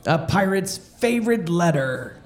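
A man playing a pirate comedian who tells family-friendly jokes and repeats each question before a slow punchline. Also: high-pitched, expressive. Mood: cheerful. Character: jolly joke-telling male pirate comedian.

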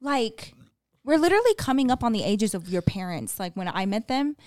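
A woman's voice: fairly high pitch, very animated, a little fast, a little mellow, no echo, clean studio sound. A woman in her thirties co-hosting a podcast, talking in a wry, blunt way with plenty of swearing. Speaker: podcast co-host. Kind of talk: casual chat.

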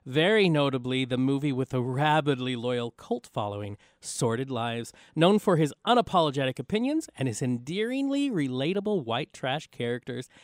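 A man's voice: mid-range voice, big pitch swings, moderate pace, few pauses, no echo, clean studio sound. A man co-hosting a radio talk show in casual chat, laughing often as he introduces guests.

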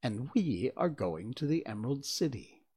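A man's voice: medium pitch, sing-song, normal speed, mellow, husky. A man voicing an eager, polite young girl in a storybook reading.

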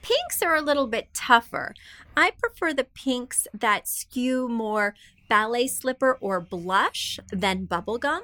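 A woman with a fairly high voice hosts a casual design podcast. She reads listener emails and answers them in a chatty way, with self-deprecating asides. The sound is dry and close. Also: fairly bright tone, dry recording. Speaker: podcast host, interior designer.

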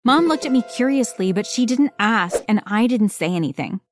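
A woman reading a first-person story aloud as a storyteller, in an expressive, dramatic way. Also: a little high, moderate pace, noisy background. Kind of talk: scripted first-person narration.

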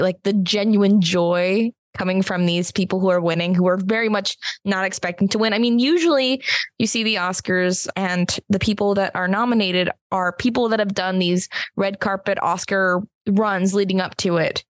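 A woman's voice: medium pitch, dry recording. Woman podcast co-host; easygoing, enthusiastic, dry close-mic sound. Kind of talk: casual podcast chat.

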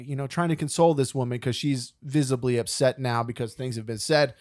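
A man's voice: mid-range voice, fairly quick, few pauses, no echo, studio quality. A man co-hosting a podcast, telling a long story in casual chat and acting out the people in it. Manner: animated storyteller, acts out quotes. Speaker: podcast co-host.

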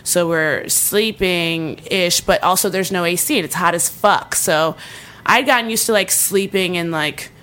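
A young woman telling a comedic story in casual chat, animated and full of likes and ums, often breaking into laughter. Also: on the low side, measured pace.

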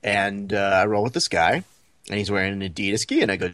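Lively low-voiced male podcast storyteller. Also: fast, no echo. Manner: animated storyteller, acts out quoted lines. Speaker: podcast co-host. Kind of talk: casual storytelling chat.

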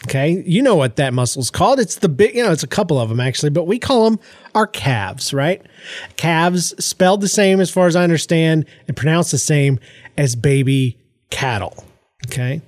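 A congested middle-aged man hosting his podcast, telling family stories in an animated, jokey way, often voicing the people in them. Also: on the high side, moderate pace, no echo. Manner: animated, jokey storytelling with laughs and voiced quotes. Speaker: podcast host. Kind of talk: casual solo podcast storytelling. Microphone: close podcast microphone.

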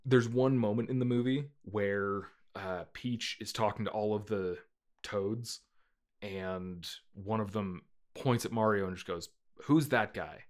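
A man casually chatting as a podcast co-host, rambling with lots of fillers and breaking into playful squeaky character voices. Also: fairly even intonation, a little slow. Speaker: podcast co-host reviewing a movie. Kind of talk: casual chat.

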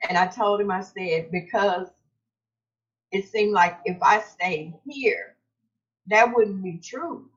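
A middle-aged woman, teary, recalling events haltingly with many fillers and restarts. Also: mid-range voice, lo-fi sound. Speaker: grieving mother interviewed as guest. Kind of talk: emotional personal recollection.

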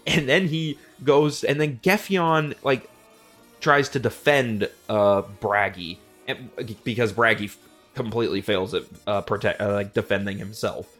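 A young man casually retelling myths as a comedy host, slangy and profane, popping into quick mimicry of the characters. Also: lowish voice, a bit bright, soft background music. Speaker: podcast host.

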